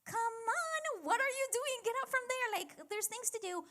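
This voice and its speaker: A woman voicing a busy, bossy older sister who scolds her sibling in a high, hurried voice. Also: lively intonation, pushed and bright, heavily acted. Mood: exasperated.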